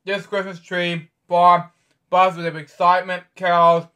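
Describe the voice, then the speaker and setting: Halting, higher-voiced man reading aloud. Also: completely flat delivery, pushed and bright. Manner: halting reading with stumbles and offhand commentary. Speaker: host. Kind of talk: reading a picture book aloud with casual asides.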